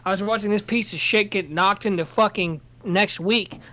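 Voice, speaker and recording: A podcast co-host whose voice sits at an ordinary middle pitch, launching into heated, swear-filled rants during a casual chat. The rants often trail off into apologies. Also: normal speed, pushed and bright. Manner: profane, heated ranting. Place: workplace.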